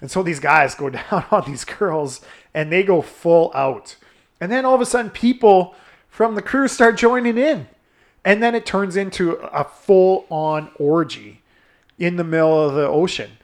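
A man's voice: high-pitched, unhurried. A man hosting a podcast, telling a crude story in casual chat, laughing often and swearing freely. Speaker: podcast host.

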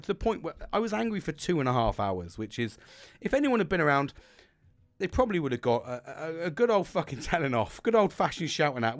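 A man's voice: on the high side, dry recording. Sweary man telling a story. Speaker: podcast host. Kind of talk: casual monologue.

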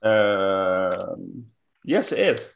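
A man's voice: sits low, very animated, extremely slow, creaky. A young man in a casual chat who laughs often and reads out product labels. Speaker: co-host.

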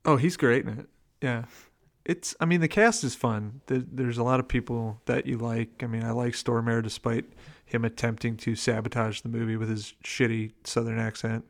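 A man's voice: mid-range voice, steady tone, normal speed, gravelly. A man co-hosting a podcast, chatting casually about a film and quoting its lines in playful impressions. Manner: laid-back, quotes lines with playful impressions. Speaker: podcast co-host. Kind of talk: casual movie review chat.

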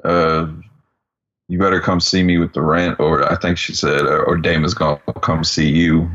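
Deep-voiced dude chiming in slow on a podcast, kinda muffled audio. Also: male voice, level tone, a bit bright. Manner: short laid-back interjections. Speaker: podcast co-host. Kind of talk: casual movie chat. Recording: dull lo-fi sound.

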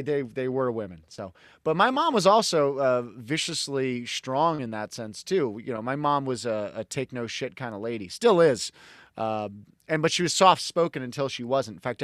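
A middle-aged man from Connecticut, a podcast guest telling animated, rambling stories in casual conversation. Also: medium pitch, dry recording, clean studio sound. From Connecticut, USA.

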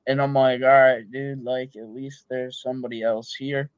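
A man from the northern US telling a profane, animated story in casual chat, acting out the other people's voices. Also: medium pitch, normal speed, clean tone, dry recording, dull audio.

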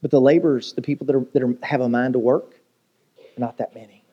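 A man's voice: mid-range voice, fairly even intonation, fast, breathy edge, highs cut off. A man preaching a sermon as pastor, telling jokes and stories and asking the congregation rhetorical questions.

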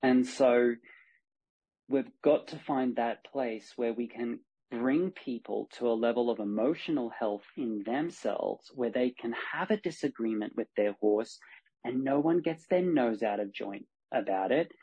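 A husky-voiced man, talking as a guest on a podcast. He tells stories with energy and acts out what each person says. The recording sounds a little dull and lo-fi. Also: medium pitch, unhurried. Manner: animated storyteller, acts out dialogue. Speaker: horsemanship coach, guest. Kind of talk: podcast conversation.

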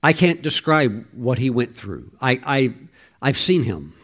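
A man's voice: mid-range voice, very animated, measured pace, a bit bright. A man preaching a sermon, emphatic, with stammered restarts and sudden exclamations.

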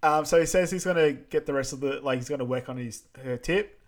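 A man's voice: a little high, brisk. Easygoing man reading recap notes. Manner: easygoing, reads from his notes, short agreeing replies. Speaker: podcast co-host. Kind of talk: casual movie recap chat.

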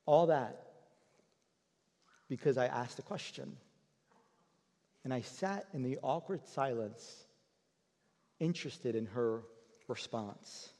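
Male pastor, mid-pitched, chatty storytelling sermon with frequent restarts, recorded in a big reverberant hall. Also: slow, pauses often, mellow. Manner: conversational, repeats words as he restarts.

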